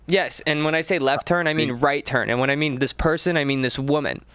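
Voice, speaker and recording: A male podcast host talks in a loose, rambling comic style, poking fun at himself as he goes. His voice comes through smooth and clear. The studio sound is dry and close, with no room echo. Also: fairly high pitch, fairly quick, a bit bright. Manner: rambling, joking, self-mocking. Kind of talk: casual comedic chat. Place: small studio. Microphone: studio mic.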